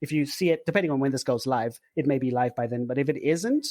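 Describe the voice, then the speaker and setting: A man in his forties from Zimbabwe, a podcast guest talking in a relaxed, rambling way with filler words. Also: mid-range voice, fast, no room sound. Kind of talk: casual interview chat.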